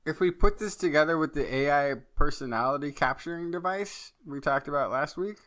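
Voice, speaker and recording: A man co-hosting a science podcast, talking in an animated, joking way with stumbles and self-corrections. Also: fairly high pitch, a little fast. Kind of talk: casual science chat.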